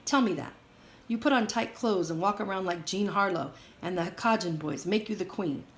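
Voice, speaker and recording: A woman reading aloud as a stern, furious immigrant father who lectures his daughter loudly. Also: mid-range voice, lively intonation, brisk, close to an everyday voice. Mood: angry scolding. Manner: loud, scolding lecture. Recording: roomy echo, faint hiss.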